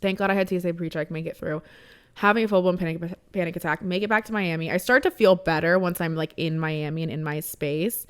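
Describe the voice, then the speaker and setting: Young woman, podcast host, smooth clear voice, casual chat, animated storyteller, swears freely. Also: fairly low pitch, fast.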